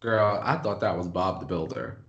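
A woman's voice: extremely low pitch, lively intonation, normal speed, muffled recording. A woman co-hosting a podcast in sassy, emphatic casual chat, calling her friend "girl" again and again. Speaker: podcast co-host.

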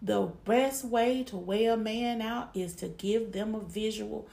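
A woman's voice: fairly high pitch, steady tone, measured pace, gravelly, hardly any pauses, mellow. A woman giving frank relationship advice to women in a blunt, emphatic monologue, often repeating herself.

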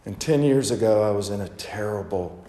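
A male pastor voicing a heartbroken middle-aged former golf pro who speaks in a quiet, halting, emotional way. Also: lowish voice, voice pushed down, lightly acted. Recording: echoey hall with long reverb.

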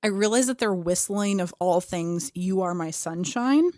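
A young woman tells a personal ghost story in a relaxed, chatty way. She swears easily and slips into little voices for the people she quotes. The sound is close and dry, with no room around her. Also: lowish voice, unhurried, no echo. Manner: animated, swears freely, acts out quotes. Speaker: podcast co-host. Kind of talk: casual storytelling.

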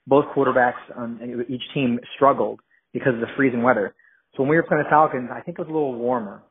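A man's voice: mid-range voice, fairly even intonation, quick pace, a little hiss or hum. A man from New Jersey, a guest in casual podcast chat, rambling with lots of fillers and restarts. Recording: narrow phone-like sound.

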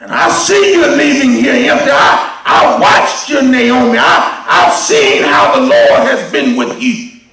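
Brief: devoted young widow, a male preacher doing her, high gravelly earnest shouts, echoey hall from far off. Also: huge pitch swings, measured pace, some chatter behind, heavily acted. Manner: earnest, stammering vows.

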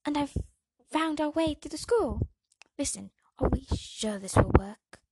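A woman's voice: mid-range voice, unhurried, heavy background noise, close to an everyday voice. A woman doing a wary teenage boy wizard.

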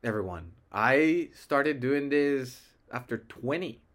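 A man's voice: mid-range voice, expressive, slow pace, a bit bright. A young man from Mexico whose first language is Spanish, talking casually and rambling as host of a solo podcast, often correcting himself mid-sentence. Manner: rambling, self-correcting, easygoing.

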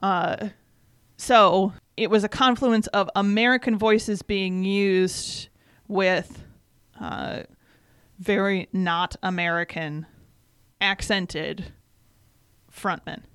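Smooth-voiced woman chatting thoughtfully. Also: mid-range voice, steady tone, slow, pauses often, a bit bright, dry recording, clean studio sound. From Michigan. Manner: thoughtful, explains at length. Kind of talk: casual chat. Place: North Carolina.

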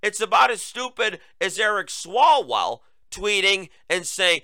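A man's voice: high voice, lively intonation, slow, creaky, few pauses, bright, forceful tone, clean tone, no echo. A man hosting a solo political talk show, sarcastic and mocking, speaking to his listeners with a lingering cough. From United States. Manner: sarcastic, mocking, conversational asides to "folks". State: recurring cough. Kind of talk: solo opinion commentary.

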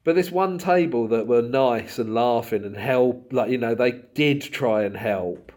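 A man from Southend, a comedian, chatting casually and acting out exchanges in animated anecdotes. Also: medium pitch, measured pace. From Southend, England. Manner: animated storytelling, acts out dialogue. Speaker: comedian and podcast host. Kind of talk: casual chat.

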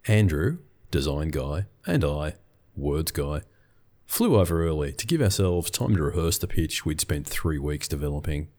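Very deep-voiced man, wry. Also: sing-song, normal speed, darkish tone. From Australia. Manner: dry, wry storyteller. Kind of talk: scripted storytelling monologue.

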